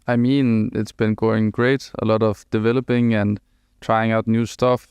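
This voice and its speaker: Brief: measured deadpan male guest, flat and clear. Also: lowish voice, no room sound. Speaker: esports player guest.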